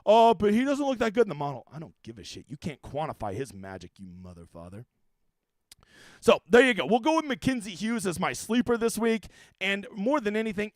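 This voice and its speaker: Brash, profane stream host, high voice with a lively, swinging pitch. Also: male voice, dry recording. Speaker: fantasy sports strategy host. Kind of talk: casual livestream commentary.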